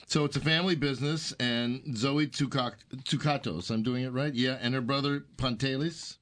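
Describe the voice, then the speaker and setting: A man's voice: medium pitch, steady tone, fairly quick, fairly bright tone. Joking male radio co-host. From Washington DC area. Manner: joking, playful. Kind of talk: casual radio chat.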